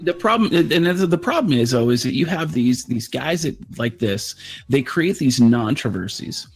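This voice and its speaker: A man's voice: medium pitch, expressive, moderate pace, slightly rough. A man co-hosting, speaking in an emphatic, crude way in casual chat.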